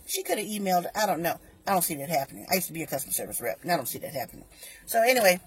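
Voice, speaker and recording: A woman on her own vlog telling a customer service story in an animated way, acting out both sides of each exchange. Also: lowish voice, very fast, husky. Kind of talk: storytime vlog, recounting an argument.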